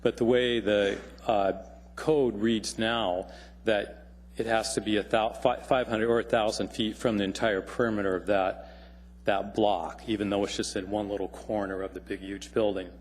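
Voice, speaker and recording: A man's voice: on the low side, steady tone, normal speed. A man, a planner and surveyor, giving plain-spoken public testimony at a city assembly and explaining his points step by step. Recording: long hall reverb in assembly chamber.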